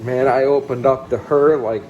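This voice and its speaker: Rich: a man in his thirties recounts his own story with a mid-range voice and a faint hiss behind it. He talks in a blunt, casual way and swears now and then. He swings between excited bursts and low, quiet asides. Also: normal speed, highs cut off. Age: 30s. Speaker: vlogger telling his life story. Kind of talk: candid personal storytelling.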